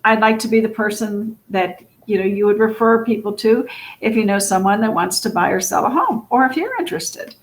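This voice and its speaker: A woman's voice: mid-range voice, expressive, a little fast. A middle-aged woman with a scratchy, sniffly voice giving a casual coaching talk, chatty and often laughing as she acts out sample lines. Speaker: real estate coach.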